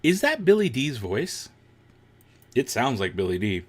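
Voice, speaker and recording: A man's voice: medium pitch, big pitch swings, a little slow. A man hosting a live watch-along stream, chatting casually with viewers, reacting to the show and laughing often.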